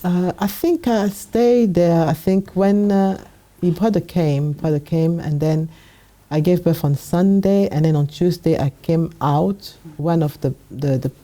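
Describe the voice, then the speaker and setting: Low-voiced woman telling a personal story. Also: unhurried. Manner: animated retelling, acting out past dialogue. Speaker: guest sharing her testimony.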